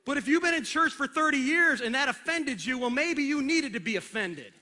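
Man, pastor, sermon, very high voice, animated, church stage microphone. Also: fairly quick. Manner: animated, acts out scenes with a helper on stage. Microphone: handheld or stage microphone.

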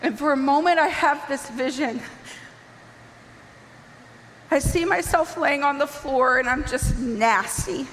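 A woman giving an emotional personal testimony, impassioned and pleading, rising at times to near shouts. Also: high-pitched, takes it slowly, pauses often, big-room sound, a little hiss or hum.

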